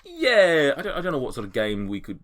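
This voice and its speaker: A man's voice: mid-range voice, wildly swooping pitch, fairly quick, fairly bright tone. A man narrating a tabletop game as game master, rambling and hesitant with many ums.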